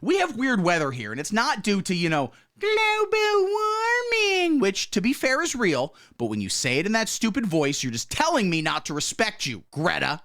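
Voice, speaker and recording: A man hosting a satirical news show, delivering commentary in a mock-pompous, swaggering way with sudden low asides. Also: sing-song, brisk, few pauses, a bit bright.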